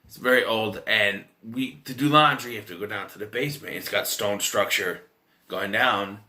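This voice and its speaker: Bright-voiced, rambling man in his thirties. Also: on the low side, moderate pace. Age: 30s. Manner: rambling, swears freely, frequent restarts and fillers. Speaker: movie reviewer. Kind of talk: casual spoken film review.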